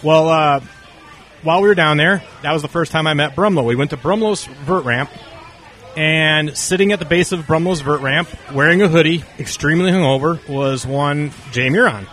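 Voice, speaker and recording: Soft music plays behind a fairly high-pitched man speaking at normal speed. An interview guest from North Carolina, he tells long stories in casual conversation, animatedly acting out the characters' dialogue.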